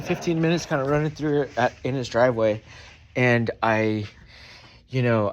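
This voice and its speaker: A young man telling a rambling, profane story in casual talk, a mechanic describing how he fixed a truck. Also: fairly low pitch. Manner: profane, rambling, quick asides. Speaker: mechanic and small business owner.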